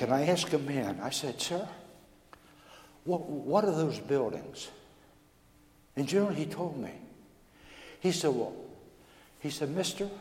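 A male pastor telling a folksy, animated story in a sermon, acting out the dialogue. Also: fairly high pitch. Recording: echoey hall with long reverb.

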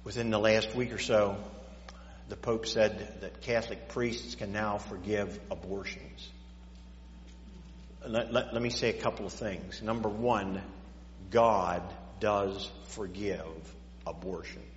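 A man's voice: fairly low pitch, fairly even intonation, unhurried, a little hiss or hum. Man, preacher, sermon, stammering repeats, swelling and dropping volume, dull lo-fi sound. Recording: echoey dull church hall recording.

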